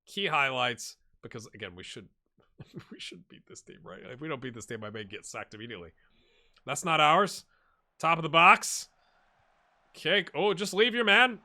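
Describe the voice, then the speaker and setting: Lively chatty man commentating a game. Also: medium pitch, normal speed, long pauses. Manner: chatty, rambling, bursts of excitement at goals. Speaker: gaming YouTuber. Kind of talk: casual let's-play commentary.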